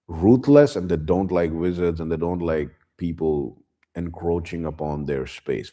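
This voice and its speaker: A man's voice: rumbling low, dark tone. A man retelling a book in a casual recap, loose and slangy, with chuckling asides. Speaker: YouTube host retelling a book.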